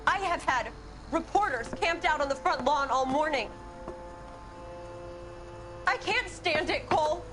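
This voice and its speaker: A woman's voice: sits high, lively intonation, a little slow, long pauses, music in the background. An actress playing a hurt, angry wife who coldly turns away her unfaithful husband in a game cutscene. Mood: bitter, upset. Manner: cold, accusing, clipped.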